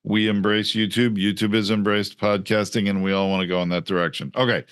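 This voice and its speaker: Deep-ish guy cohost, emphatic, real dry close sound. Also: little pitch movement, fairly quick, fairly bright tone, clear, resonant tone, no room sound. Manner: emphatic, ranting. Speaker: podcast co-host. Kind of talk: casual chat.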